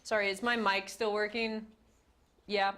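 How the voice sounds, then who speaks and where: A woman's voice: medium pitch, flat delivery, a little slow, bright, forceful tone. A woman hosting a party word game on a TV show, reading prompts aloud and laughing often. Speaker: host. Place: TV studio with guests.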